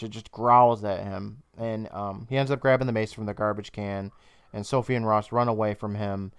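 A young man co-hosting a podcast, casually retelling an episode's plot with laughs and quick bursts of high mock voices. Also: smooth, dry recording, studio quality. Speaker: podcast co-host. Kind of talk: casual recap chat.

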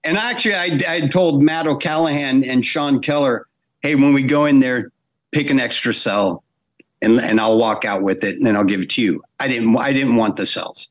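A man's voice: mid-range voice, normal speed. A man telling behind-the-scenes anecdotes in a casual interview, acting out quotes and restarting phrases. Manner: animated anecdotes with acted quotes, frequent restarts. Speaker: animator guest.

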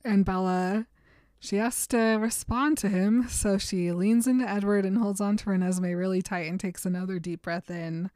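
A woman's voice: mid-range voice, steady tone, normal speed, darkish tone, no room sound, clean studio sound. Giggly young woman retelling a book. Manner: chatty and giggly. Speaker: podcast co-host. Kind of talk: casual chat retelling a book.

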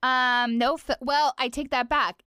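A woman's voice: sits high, steady tone, a little slow, pushed and bright, clear, resonant tone, no echo, clean studio sound. A woman co-hosting a casual chat, rambling with lots of filler words and giggling. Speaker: podcast co-host.

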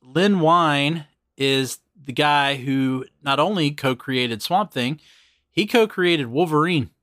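A man's voice: fairly high pitch, takes it slowly, dry recording, clean studio sound. A man hosting a podcast, chatting casually and walking through background facts. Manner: relaxed, explains background facts. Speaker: podcast host.

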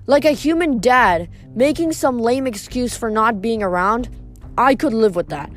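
A woman reading a novel aloud in first person, steady, with the odd stumble over a word. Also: on the high side, moderate pace, soft background music. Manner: steady first-person storytelling with small slips. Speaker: reader.

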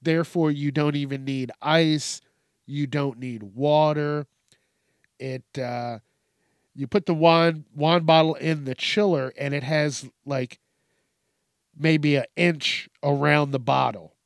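A man's voice: a little high, fairly even intonation, slow, dry recording, clean studio sound. A man hosting a casual solo podcast, rambling and swearing through jokey rants, slipping into mocking quoted voices and laughing at himself. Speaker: podcast host.

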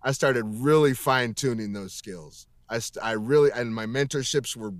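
A man's voice: medium pitch, moderate pace, no echo, clean studio sound. A man in a casual interview, talking emphatically and rambling with heavy swearing, over a video call. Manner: emphatic, profane, rambling with restarts. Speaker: voice actor guest.

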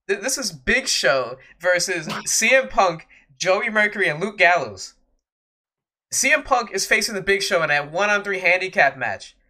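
A man's voice: high-pitched, sharp tone. A man co-hosting a wrestling podcast, ranting in an exasperated, sarcastic way. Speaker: podcast co-host. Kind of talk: casual wrestling podcast rant.

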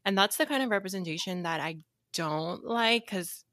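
A woman's voice: medium pitch, lively intonation, normal speed, a bit bright, dry recording, studio quality. A young woman co-hosting a podcast, chatting casually and laying out her views in long, thoughtful sentences. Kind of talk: casual chat.

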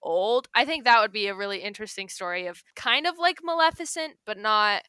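A woman guest who does character voices, talking casually and thoughtfully with fillers and soft laughs. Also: medium pitch, lively intonation, a little fast, clean tone, no room sound. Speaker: voice impressionist guest. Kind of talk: casual interview chat.

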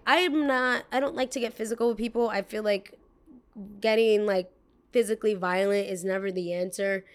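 A woman's voice: medium pitch, steady tone, moderate pace. A young woman hosts a podcast and spins a long personal story in a loose, chatty way. She leans on "like" constantly and slips into the voices of the people she quotes. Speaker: podcast host.

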